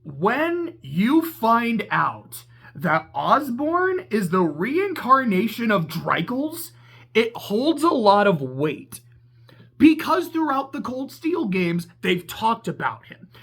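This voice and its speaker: A game reviewer ranting in a casual video essay, excitable and profane, rambling and laughing at their own tangents. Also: mid-range voice, takes it slowly, creaky, breathy edge. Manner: laughs mid-sentence and corrects itself.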